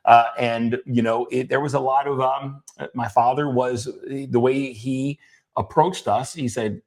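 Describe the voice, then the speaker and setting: Halting, emotional middle-aged man storyteller. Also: medium pitch, fairly even intonation. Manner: halting, many restarts, emotional at times. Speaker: podcast co-host. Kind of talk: personal storytelling conversation.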